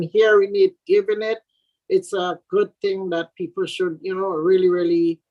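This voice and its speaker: Low-voiced woman speaking earnestly. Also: poor audio. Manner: earnest, leans on "you know" and repeated words. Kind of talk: reflective talk on radio.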